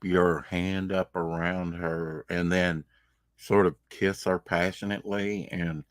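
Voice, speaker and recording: A man's voice: sits low, little pitch movement, takes it slowly, no echo, studio quality. A man co-hosting a podcast, chatting casually in a rambling, teasing way. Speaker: podcast co-host. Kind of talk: casual chat.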